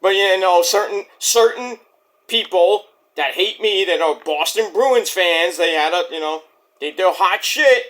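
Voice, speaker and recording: A man's voice: sits high, a little slow, fairly bright tone. A man, ranting bluntly and profanely in a rambling casual monologue as a vlog host.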